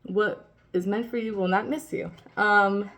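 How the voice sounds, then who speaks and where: A woman's voice: mid-range voice, fairly even intonation, measured pace, a bit bright. A woman giving a casual tarot reading, swearing freely as she rambles and reassures the listener. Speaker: tarot reader.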